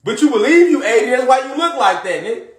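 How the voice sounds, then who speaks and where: A man delivering a rambling, preachy comedic monologue, repeating himself and swearing often, getting louder as he goes. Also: extremely high pitch, animated, fast talker, echoey room. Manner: preachy, repetitive, profane, rising to shouts. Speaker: comedic conspiracy monologue performer.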